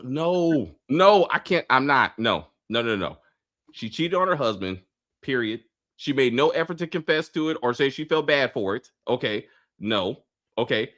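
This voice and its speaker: A man's voice: medium pitch, animated, normal speed, fairly bright tone. A man co-hosting a casual movie review chat, emphatic and exasperated, stressing his points with repeated no's.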